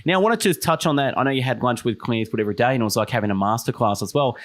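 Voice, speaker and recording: A man's voice: medium pitch, expressive, rapid-fire. A man hosting a podcast, asking questions hesitantly, with many fillers and restarts. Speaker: podcast host. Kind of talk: interview questions.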